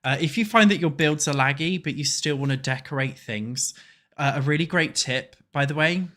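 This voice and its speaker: A man's voice: on the high side, normal speed, pushed and bright. Congested man streaming, swearing. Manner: crude, swearing, joking with chat. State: congested with a cold. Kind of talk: casual livestream chat while playing.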